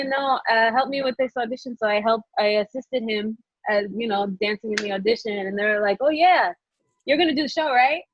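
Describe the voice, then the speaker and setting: A woman guest telling a story emotionally and excitedly over a video call from her phone. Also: on the high side, no echo, dull audio. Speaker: podcast guest. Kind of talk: casual video-call chat.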